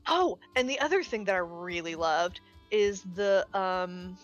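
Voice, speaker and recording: A woman chatting casually on a live gaming stream, expressive and full of filler words and mild swearing. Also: fairly low pitch, measured pace, highs cut off, faint music behind. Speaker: streamer co-host. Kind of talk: casual chat while gaming.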